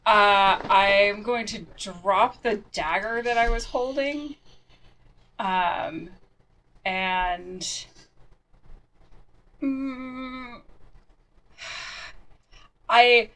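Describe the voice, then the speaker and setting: A woman's voice: mid-range voice, very slow, long pauses, fairly bright tone, rough recording. A woman playing a tabletop game who talks hesitantly and stammers. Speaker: player.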